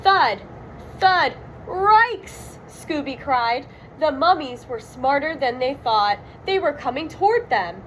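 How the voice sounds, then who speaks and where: A woman reading a children's storybook aloud, expressive and dramatic on the sound words. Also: sits high, a little slow, a little hiss or hum, rough recording. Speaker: storybook reader. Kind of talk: children's read-aloud narration.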